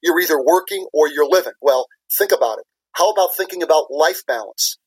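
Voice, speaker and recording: A man's voice: a little high, expressive, fairly quick, slightly rough, no room sound, poor audio. A man, a business leader and former CFO, answering interview questions in an earnest, explanatory way, repeating key words for emphasis.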